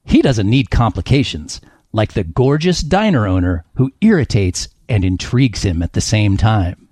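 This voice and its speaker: A man's voice: lowish voice, very animated, moderate pace, darkish tone, breathy edge, dry recording, clean studio sound. A man hosting a comedy panel game, reading book blurbs aloud with playful, laughing, dramatic delivery. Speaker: host.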